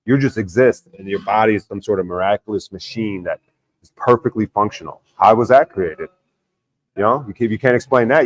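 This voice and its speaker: A man's voice: on the low side, brisk. A man hosting a livestream, reading the chat aloud and arguing insistently, with plenty of swearing. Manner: argumentative, insistent, swears a lot. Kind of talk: casual profane livestream rant.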